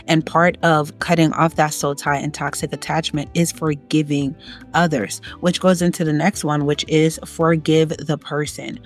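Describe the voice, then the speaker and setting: A woman giving motivational advice in a monologue, emphatic and preachy, repeating her key phrases for stress. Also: low voice. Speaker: self-help vlogger.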